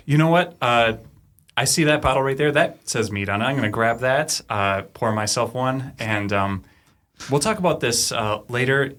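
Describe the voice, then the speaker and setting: A man's voice: mid-range voice, normal speed, a bit bright. A man playing a tabletop game, speaking in character in an affable, rambling way with lots of fillers. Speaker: player.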